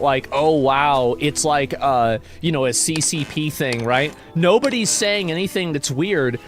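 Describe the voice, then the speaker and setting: A man casually chatting on a livestream, reading posts aloud and answering chat in a rambling, mocking, profane way. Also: high-pitched. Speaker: streamer.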